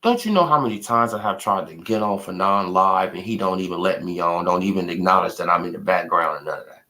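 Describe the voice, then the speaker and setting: Young guy on a live stream, bright voice, trash talking and laughing loud. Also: deep voice, fast. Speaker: boxing commentary streamer. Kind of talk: animated casual live-stream rant.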